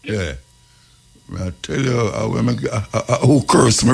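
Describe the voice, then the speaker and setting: A man's voice: lowish voice, moderate pace, creaky, slightly rough. A man with a Jamaican accent hosting a call-in radio show, blunt and impatient with rambling callers. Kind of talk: casual call-in radio chat.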